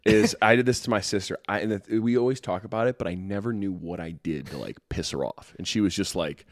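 Young man, podcast guest, lively storyteller, dry close sound. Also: on the low side, a little fast, no room sound. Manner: animated, swears, acts out the people in his stories. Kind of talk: casual storytelling.

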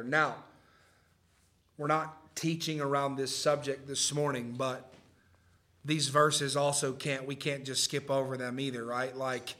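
A man's voice: medium pitch, flat delivery, measured pace, fairly bright tone. A male pastor giving a conversational sermon to a live congregation, often checking in with the room. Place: church service before a live congregation.

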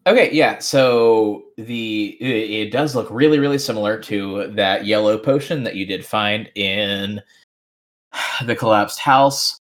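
A man narrating as game master of a tabletop game, relaxed and rambling with lots of fillers. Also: on the low side, slow pace.

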